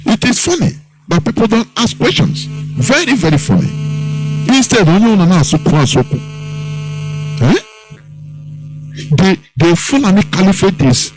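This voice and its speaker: Scornful Nigerian man, lively voice. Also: a little high, low-quality recording. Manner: mocking, scornful, mimics others in exaggerated voices. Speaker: host. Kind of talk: political radio commentary.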